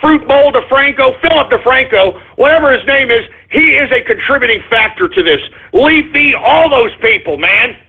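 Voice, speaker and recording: A man's voice: extremely high pitch, animated, moderate pace, few pauses, breathy edge. A man hosting a radio show, ranting angrily and profanely, repeating himself as he goes. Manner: angry, profane, repetitive ranting. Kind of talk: ranting call-in radio monologue. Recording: muffled phone-line audio.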